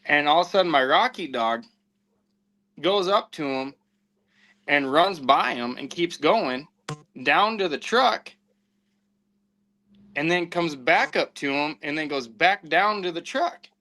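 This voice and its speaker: Man, podcast host type, animated storyteller with a bright forceful tone, quotes people as he goes. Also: fairly high pitch, measured pace, pauses often, poor audio. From southwestern United States. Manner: animated anecdote-telling with acted-out quotes. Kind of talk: casual storytelling.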